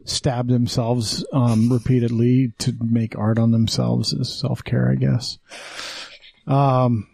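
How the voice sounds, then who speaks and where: A man's voice: medium pitch, level tone, slow pace, gravelly, warm tone, dry recording. A man hosting a podcast in casual chat, blunt and joking, with casual swearing. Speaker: podcast host.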